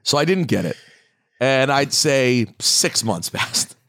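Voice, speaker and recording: A man's voice: mid-range voice, slow, no room sound, studio quality. A man co-hosting a podcast, telling a funny story in casual chat and acting out what others said. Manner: animated storyteller, acts out quotes. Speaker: podcast co-host.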